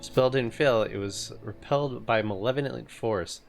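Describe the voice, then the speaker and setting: A man's voice: medium pitch, moderate pace, gravelly, natural voice. A man reading as a cheeky boastful fairy sidekick. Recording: game music playing behind.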